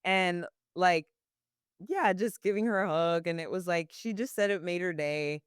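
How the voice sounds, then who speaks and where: A woman's voice: lowish voice, normal speed, clean tone, dry recording, clean studio sound. A young woman working as a barista, answering interview questions casually with many "like" fillers and frequent laughs.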